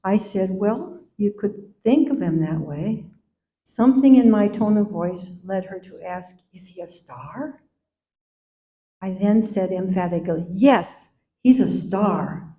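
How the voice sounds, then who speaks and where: An older woman, a mother giving a eulogy at a memorial gathering, speaking slowly and tenderly, now and then singing a line softly. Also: medium pitch. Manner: slow, gentle and tender, sometimes singing softly. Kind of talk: memorial speech. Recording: echoey hall, dull sound.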